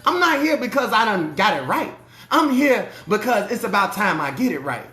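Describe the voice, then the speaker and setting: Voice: mid-range voice, sing-song, moderate pace, sharp tone. A preacher and life coach giving a motivational sermon in an emphatic, colloquial style, driving points home with repeated refrains. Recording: roomy echo.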